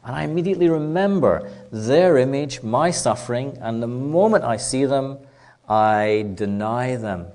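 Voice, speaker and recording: A middle-aged man gives a spiritual lecture in a hall, with a playful storytelling manner. His voice sits at an ordinary pitch, and he now and then slips into small acted voices. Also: measured pace, a little mellow. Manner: playful storytelling, acts out child and adult voices, laughs often. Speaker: speaker giving a public talk. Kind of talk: spiritual lecture to a live audience.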